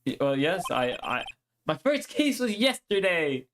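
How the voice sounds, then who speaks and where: A man's voice: high-pitched, very animated, unhurried, background noise, exaggerated voice. A man voicing a nervous young male lawyer on his first case, stammering as he speaks. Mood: flustered.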